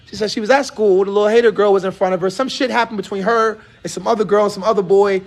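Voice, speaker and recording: High, gravelly, fast-talking man telling stories. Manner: animated, acts out quoted dialogue. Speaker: host. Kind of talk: casual storytelling chat. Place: barbershop.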